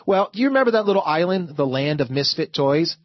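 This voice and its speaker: Talk radio host, man, slightly high voice, stammering, dry close sound, muffled broadcast. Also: animated, quick pace, no echo. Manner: stammering, repeats words while building arguments.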